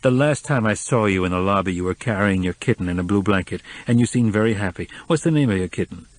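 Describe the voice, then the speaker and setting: A man as a patient, formal gentleman. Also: fairly low pitch, fast, natural voice. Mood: restrained. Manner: formal, restrained. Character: patient, reserved middle-aged man, cool then kind.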